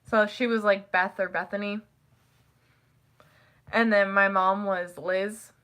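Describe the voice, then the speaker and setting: A young woman chatting casually to camera, rambling and giggling, who acts out family quotes in high voices. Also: fairly even intonation, takes it slowly, a bit bright, clean tone. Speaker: vlogger. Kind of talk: casual chat.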